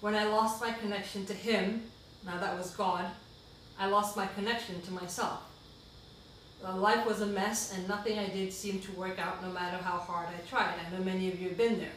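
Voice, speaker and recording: A woman's voice: medium pitch, fairly even intonation, moderate pace, a bit bright. A woman guest reading her own reflective writing aloud, earnest and heartfelt, with asides between passages. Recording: very echoey room, far from the mic, faint noise.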